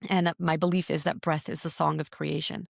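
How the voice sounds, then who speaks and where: Speaking at a normal pace, this woman has a low, level voice with some vocal fry. She's a breathwork teacher guesting on a podcast, earnestly searching through her own story and repeating words as she works things out. The sound is clean studio audio with no room sound.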